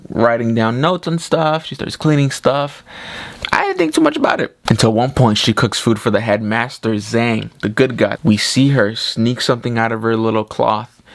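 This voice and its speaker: A man reviewing a movie in a casual, excited retelling full of "like". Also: lowish voice, no room sound. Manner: excited retelling, heavy use of 'like'. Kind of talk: casual spoken film review.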